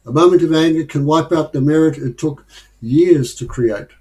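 A man leading a casual study group discussion, talking in a thoughtful, unhurried way with pauses and fillers. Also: on the high side, darkish tone, poor audio.

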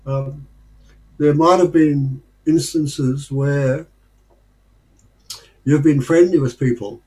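Mellow-voiced man leading a discussion. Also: medium pitch, rough recording. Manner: thoughtful, unhurried, with frequent pauses and fillers. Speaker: discussion group leader. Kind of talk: casual study group discussion.

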